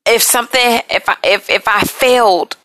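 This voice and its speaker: A woman hosting a podcast, talking about personal struggles in an emotional, halting, apologetic way, and she is tired. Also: fairly high pitch, sharp tone, no echo. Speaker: podcast host. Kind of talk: personal confessional talk.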